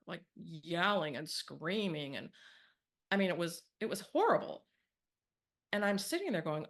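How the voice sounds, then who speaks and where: A woman with a slightly low voice tells a personal story in a candid, reflective way. She lives out the quoted lines as she goes, in easy conversational talk. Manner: candid, reflective, animated when quoting.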